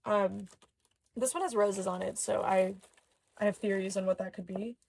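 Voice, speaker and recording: A young adult woman chatting casually as she unboxes dolls and toys, excitable, with gasps and soft murmured asides. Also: mid-range voice, moderate pace, vocal fry. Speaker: doll collector YouTuber.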